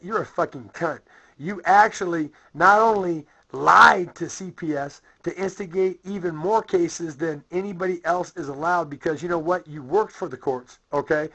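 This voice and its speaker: A man's voice: fairly high pitch, fairly bright tone, highs cut off. A man ranting bitterly into his camera, profane and rambling, full of fillers and restarts. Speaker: vlogger. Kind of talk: profane angry rant to camera.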